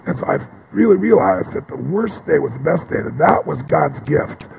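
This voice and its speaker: A man with a deeply gravelly, rough voice delivers a motivational speech. He tells stories with passion, rising to loud bursts and dropping to hushed, intimate moments. A faint background noise sits under the recording. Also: sing-song, normal speed, poor audio. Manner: impassioned, storytelling, swings from loud to hushed. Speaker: motivational speaker.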